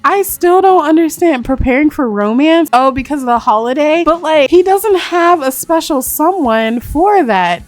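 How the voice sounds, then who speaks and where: A woman hosting a let's-play, chatting in animated, slangy commentary with frequent laughter. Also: mid-range voice. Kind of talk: gameplay commentary.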